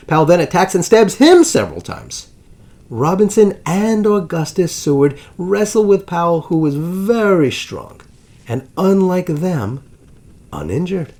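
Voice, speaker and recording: A man narrating a dramatic history story as the host of his channel, with big swings in pitch and loudness.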